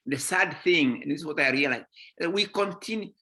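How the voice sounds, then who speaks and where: Man, guest author, emphatic, keeps asking "eh?" and "right?", bright forceful tone. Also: fairly high pitch, brisk, breathy edge. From Kenya. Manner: emphatic, often checks in with "eh?" and "right?". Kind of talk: impassioned talk in a conversation series.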